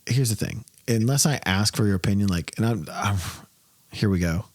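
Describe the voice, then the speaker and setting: A man's voice: fairly low pitch, moderate pace, no echo. A man hosting a podcast in casual chat, ranting and swearing with mocking voices. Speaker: podcast host.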